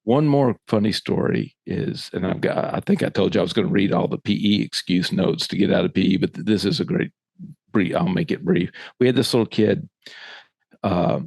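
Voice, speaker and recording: A man, a former middle school football coach, telling a lively story in casual podcast talk and acting out the voices he quotes. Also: deep voice, moderate pace, vocal fry, slightly rough, no echo.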